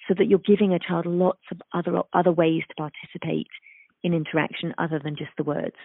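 Speech therapist guest, woman, gravelly edge, explains patiently, tinny dry call line. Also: on the low side, steady tone, fairly quick, dry recording. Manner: thoughtful, acts out examples in sing-song voices. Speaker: speech-language pathologist guest. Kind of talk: explanatory interview talk. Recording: dry, phone-like remote call audio.

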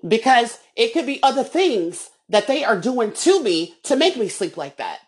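A woman's voice: on the high side, very animated, moderate pace, hardly any pauses, darkish tone. A woman hosting a solo podcast, talking in a heated, emphatic way and often repeating words and restarting. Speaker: podcast host.

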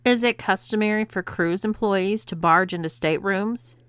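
A woman's voice: mid-range voice, normal speed, fairly bright tone, clean tone, dry recording, close to an everyday voice. A woman voicing a wary, cautious adult husband who protests warily. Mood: wary protesting.

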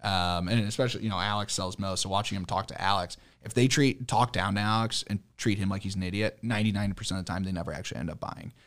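A young man with a fairly low voice tells a story in a loose, casual conversation. He gets animated as it builds, laughing and cursing freely. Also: fast talker, hardly any pauses. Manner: animated, swearing, laughing often. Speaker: car dealership worker.

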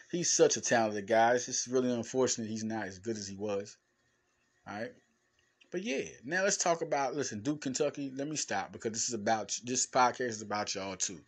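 Emphatic man hosting a solo sports podcast. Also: lowish voice. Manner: animated, emphatic and repetitive, with stammered restarts; informal slangy speech, addressing fans directly. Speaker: podcast host and basketball analyst. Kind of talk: casual solo podcast talk.

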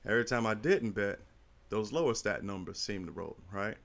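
A middle-aged man in casual chat, telling a long story in a rambling, animated and profane way. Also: lowish voice, moderate pace, gravelly.

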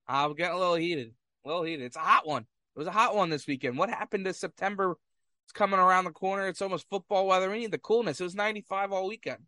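A man's voice: high-pitched, quick pace, sharp tone, no echo. A man giving casual sports commentary, fired up and trash-talking rival fans.

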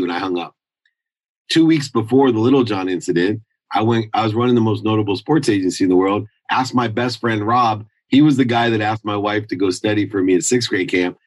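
Intense low-voiced man telling his story. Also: no room sound, poor audio. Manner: intense, confessional, acts out quoted people. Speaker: guest. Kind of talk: candid storytelling interview.

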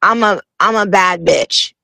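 A woman's voice: medium pitch, a little slow, gravelly, pushed and bright, no room sound. A woman hosting a radio show, chatting with a guest in a playful, slangy, teasing way. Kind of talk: casual radio interview.

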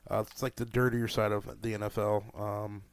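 An enthusiastic man co-hosting a casual chat who gets worked up as he talks. His voice is gravelly and a little low. The sound is dry and close. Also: little pitch movement, moderate pace, no echo. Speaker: co-host.

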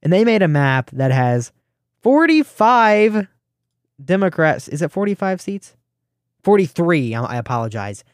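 A man's voice: high voice, very animated, dry recording, clean studio sound. A teenage man hosting a political talk radio show, brash and mocking. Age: teens. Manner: brash, mocking, quick asides.

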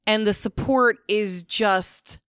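A woman co-hosting a podcast in casual chat, earnest and warm, often saying "like". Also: mid-range voice, takes it slowly, clean tone, dry recording, clean studio sound. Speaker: podcast co-host.

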